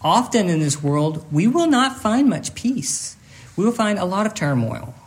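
Male pastor, earnest sermon delivery, high-pitched voice, halting with repeated words, emotional and close to tears. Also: big pitch swings.

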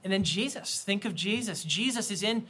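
A man's voice: high voice, moderate pace, pushed and bright, breathy edge. A man preaching a sermon in an earnest, conversational way, often repeating and restarting phrases. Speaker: pastor.

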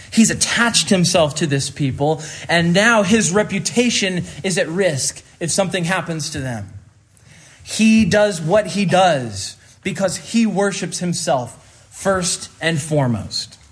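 Emphatic man preaching a sermon. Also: high-pitched. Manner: deliberate emphatic teaching, slowing on key phrases.

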